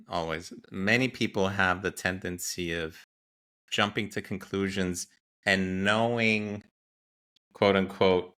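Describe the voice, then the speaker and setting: A man's voice: deep voice, pushed and bright. A man hosting a podcast interview, offering brief affirming responses and summing up the guest's points. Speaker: podcast host. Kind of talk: conversational interview.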